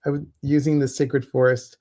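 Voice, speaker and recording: Reading viewers' questions and oracle cards on a laid-back livestream, a chatty male co-host keeps things loose with teasing asides and bad dad jokes. His middle-pitched voice is mellow and flat, at a moderate pace.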